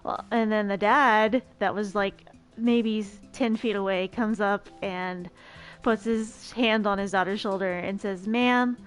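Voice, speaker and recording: Woman streamer, casual story time, chatty, emphatic, mid-pitched, faint music behind. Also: steady tone, a little slow, clean tone. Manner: chatty, emphatic, with many restarts.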